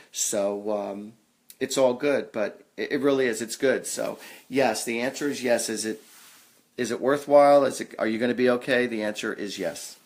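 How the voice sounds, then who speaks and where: A man hosting a live psychic reading, talking in a halting, reassuring way with lots of ums and uhs. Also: mid-range voice. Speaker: psychic medium host. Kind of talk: live online reading session.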